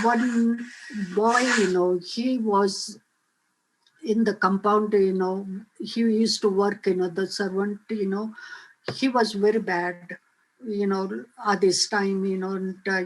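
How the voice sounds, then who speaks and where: An older woman on a video call telling a personal story, halting often with filler phrases. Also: mid-range voice, rough recording. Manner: halting, frequent "you know" fillers. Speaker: guest speaker.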